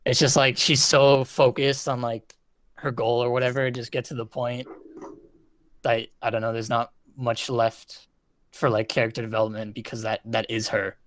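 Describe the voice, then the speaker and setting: A man's voice: mid-range voice, flat delivery, normal speed, a bit bright, no echo. A man co-hosting a gaming podcast, rambling with lots of "like" as he recounts scenes. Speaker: podcast co-host. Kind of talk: casual chat.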